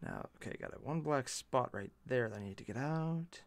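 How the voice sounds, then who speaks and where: Gravelly man muttering while painting. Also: mid-range voice, lively intonation, moderate pace, no echo. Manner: mutters to himself, self-deprecating asides. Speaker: miniature painting channel host. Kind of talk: casual commentary while painting.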